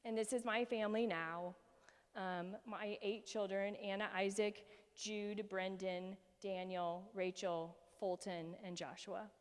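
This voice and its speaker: A woman's voice: mid-range voice, steady tone, slow pace, clear, resonant tone, long reverb tail. A woman in her forties giving a heartfelt personal talk with slides, earnest and emotional, with many fillers and restarts. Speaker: speaker presenting to a group.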